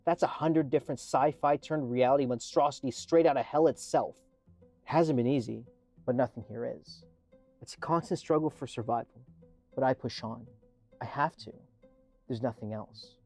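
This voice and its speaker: A man's voice: mid-range voice, moderate pace, darkish tone, faint music behind, lightly acted. A man playing a weary, sarcastic male prisoner who narrates his own grim situation in a dry tone. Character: weary, sardonic male prisoner test subject.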